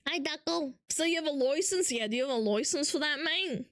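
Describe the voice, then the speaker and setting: High-voiced woman ranting on stream. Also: lively intonation, brisk, hardly any pauses, fairly bright tone, dry recording, soft background music. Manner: ranting, profane, mocking impressions. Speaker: livestreamer. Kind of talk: casual livestream chat, reacting to chat.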